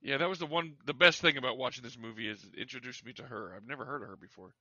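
A man's voice: medium pitch, fast talker, pushed and bright, no echo, highs cut off. A man co-hosting a casual podcast chat, laughing and making crude jokes. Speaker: podcast co-host.

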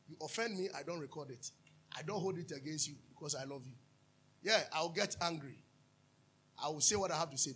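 A Ghanaian man preaching a sermon as pastor, animated, drifting into sung lines and asking his listeners to answer back. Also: on the high side, breathy edge. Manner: calls for audience responses, asks and answers himself.

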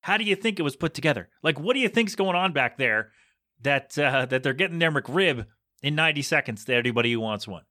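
Male solo podcast host, bright voice, casual rambling banter. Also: on the high side, lively intonation, fast talker, no room sound, studio quality. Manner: chatty, jokey, rambling.

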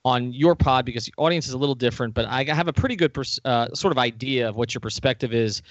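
A man hosting a casual sports podcast. He talks in a chatty, enthusiastic way at a middle pitch. The sound is dry and slightly muffled. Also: fast, no echo. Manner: chatty, enthusiastic, laughs often. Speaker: podcast host.

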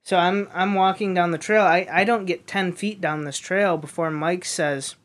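A woman's voice: lowish voice, steady tone, normal speed. A woman casually telling a funny story on a podcast, swearing and laughing along the way.

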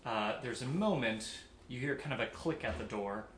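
A man's voice: mid-range voice, expressive, normal speed. A man narrating as game master of a tabletop game, hesitant, with frequent ums and uhs. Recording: echoey room, distant mic, faint noise.

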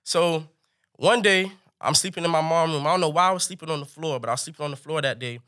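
Bright-voiced, animated male storyteller. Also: fast. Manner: animated, swings into high excited pitch for punchlines. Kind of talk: comic storytelling.

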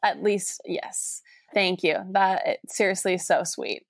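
A young woman co-hosting a podcast in casual chat, teasing and breaking into quick laughs. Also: fairly low pitch, no room sound, studio quality. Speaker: podcast co-host.

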